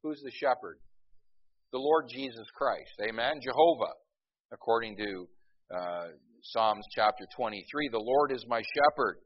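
A man's voice: mid-range voice, very animated, a little slow, vocal fry, husky. A man preaching a sermon to a class, asking the room questions and answering them himself, rising for emphasis. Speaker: preacher teaching a Bible class. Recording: dull lo-fi recording.

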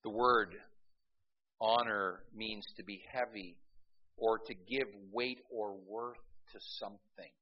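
A male pastor with a slightly husky voice delivers a sermon. He leans on humorous stories and keeps calling out to the congregation for amens. The recording sounds dull and lo-fi. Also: on the low side, steady tone, slow pace.

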